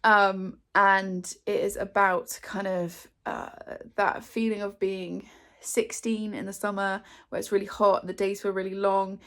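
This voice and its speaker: A woman's voice: medium pitch, level tone, measured pace, hardly any pauses, fairly bright tone. A young woman from England chatting to camera, with a chatty, self-deprecating manner and many fillers. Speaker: booktuber. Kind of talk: casual chat to camera.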